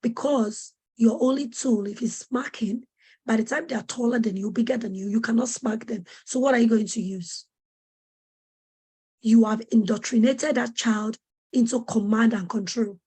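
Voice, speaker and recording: A fairly high, husky woman's voice teaches parents in a webinar, pleading and pressing each point. She repeats her questions with urgent, preacher-like weight. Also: steady tone, normal speed, warm tone. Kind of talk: earnest teaching talk to parents.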